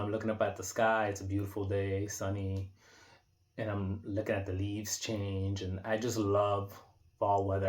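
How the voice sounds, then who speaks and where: This man in his thirties has a low-leaning, somewhat mellow voice. Vlogging from an indoor room, he reflects casually off the cuff, wandering through his thoughts with frequent fillers and restarts.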